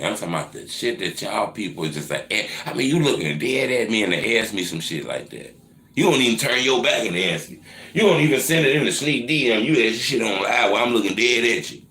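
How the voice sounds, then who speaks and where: Deep-voiced man roasting his viewers. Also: roomy sound. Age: 30s. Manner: profane, teasing banter that swings into loud mocking rants. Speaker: livestream host answering viewer questions. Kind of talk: casual live Q&A chat.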